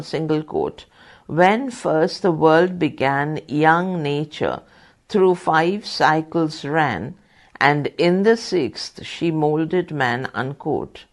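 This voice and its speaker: Low-voiced woman reading quiz answers really slow, says the commas and quotes out loud, spells words out. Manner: methodical, reads punctuation and quote marks aloud and spells out terms. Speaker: volunteer reader. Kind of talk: reading exam questions and answers aloud.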